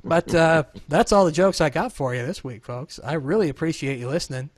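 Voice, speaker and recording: A man's voice: a little high, a little fast, no echo. A man in his thirties hosting a casual show over a video call, joking and rambling. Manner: joking, rambling, self-deprecating. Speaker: podcast host.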